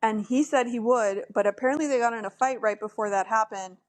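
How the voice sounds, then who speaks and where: Opinionated lady podcast cohost, kinda high voice, laughs a lot. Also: fairly quick. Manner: opinionated, emphatic, laughs often. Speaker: podcast co-host. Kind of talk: casual chat about reality TV.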